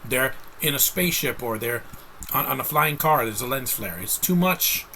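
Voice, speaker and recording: A man's voice: mid-range voice, animated, normal speed, bright, forceful tone, slight background noise, poor audio. A man giving a casual, rambling movie review rant, blunt and exasperated, with frequent restarts.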